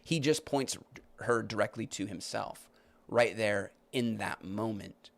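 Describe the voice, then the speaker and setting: A podcast host with a lowish, creaky voice speaks unhurriedly during live-stream commentary. He reads comments aloud and rebuts them, arguing his point with many restarts.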